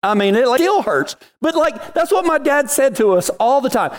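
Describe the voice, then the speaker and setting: A man's voice: fairly quick, few pauses. Folksy cowboy man preaching. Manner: storytelling, folksy cowboy slang, animated pitch swings. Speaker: devotional podcast host. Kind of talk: folksy devotional talk.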